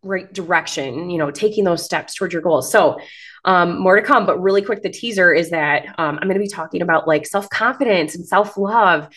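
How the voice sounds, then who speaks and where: A woman's voice: fairly low pitch, fairly quick, fairly bright tone. Woman in her 30s doing a pep-talk podcast, gushy and encouraging, lots of "girl" and "like". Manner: gushing, encouraging, says "girl" and "like" a lot. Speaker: podcast host. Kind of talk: motivational podcast monologue.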